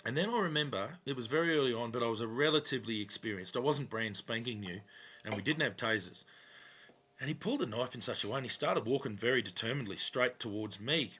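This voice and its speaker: A man's voice: medium pitch, quick pace, slightly rough. A middle-aged Australian man telling a police story in casual chat, acting out quoted lines in a raised voice. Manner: animated, acts out quotes with raised voice. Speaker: podcast co-host, former police officer.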